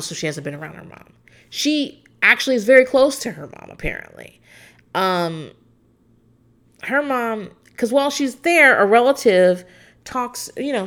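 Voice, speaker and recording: Thirtysomething woman podcasting, rambly and opinionated, gravelly fry in her voice. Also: medium pitch, a bit bright. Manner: chatty, rambling, opinionated, with frequent fillers. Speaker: podcast host recapping a reality show. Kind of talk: casual chat.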